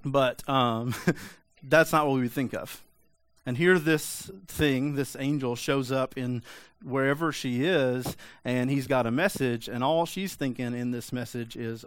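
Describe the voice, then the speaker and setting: A man's voice: medium pitch, a little slow, no room sound. Male pastor, casual conversational sermon with humor, dry sound. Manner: casual, joking, conversational preaching.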